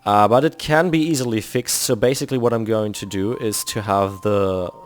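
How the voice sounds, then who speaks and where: German-accented man thinking aloud, lower voice. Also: normal speed. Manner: thinking aloud, explaining step by step. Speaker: video game builder host. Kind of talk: casual commentary while building in a game. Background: faint background music.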